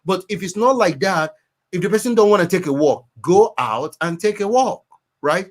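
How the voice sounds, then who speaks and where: Earnest advice-giving man with a slightly high voice, preachy, repeats himself for effect. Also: lively intonation, normal speed. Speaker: guest counselor. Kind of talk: advice talk.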